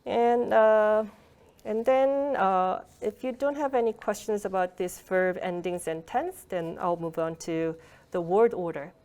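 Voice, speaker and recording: A woman's voice: mid-range voice, measured pace, darkish tone. Patient woman lecturing over a video call. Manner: patient explaining, with fillers and occasional laughs. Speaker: Korean language lecturer. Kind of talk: online workshop lecture.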